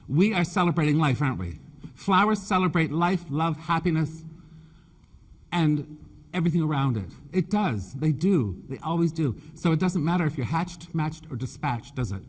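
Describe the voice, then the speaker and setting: Joking Canadian man in a large hall. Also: a little high. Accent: Canadian with a British touch. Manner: chatty, joking, addresses the audience. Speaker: floral design presenter. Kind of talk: live stage demonstration. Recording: long hall reverb.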